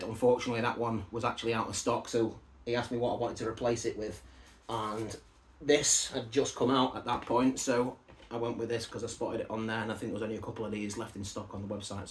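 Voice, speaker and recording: A man's voice: on the low side, level tone, a little fast. Chatty man rambling casually. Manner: rambling and chatty, with asides and side stories. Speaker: record collector showing a parcel of vinyl albums. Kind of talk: casual unboxing chat to camera.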